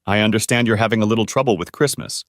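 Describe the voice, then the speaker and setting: A man voicing a calm, kindly cowboy spirit from the old West, talking in a folksy Texas accent. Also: lowish voice, quick pace, no echo, studio quality, lightly acted. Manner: folksy, drawling, reassuring.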